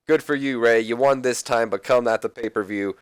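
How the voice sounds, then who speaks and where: A man's voice: medium pitch, brisk, smooth, dry recording, clean studio sound, close to an everyday voice. A man voicing a wrestler who congratulates a rival in a casual, ambiguous tone.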